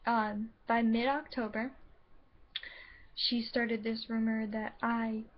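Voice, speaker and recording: A woman's voice: on the high side, little pitch movement, slow pace, a little hiss or hum. Hesitant teen girl, dull lo-fi recording. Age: late teens. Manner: candid, hesitant, full of filler words. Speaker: vlogger. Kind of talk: personal storytelling to camera.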